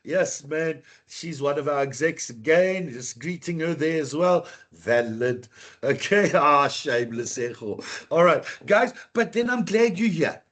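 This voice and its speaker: Husky-voiced male teacher. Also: fairly high pitch, animated, a little slow, a bit bright. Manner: chatty, encouraging, talks to class directly. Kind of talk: live online computer lesson.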